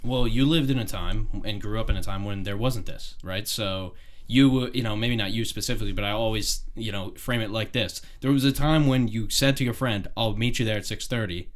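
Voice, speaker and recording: A man's voice: lowish voice, brisk. A young man hosting a podcast, talking casually and thinking aloud in long, winding sentences. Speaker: podcast host.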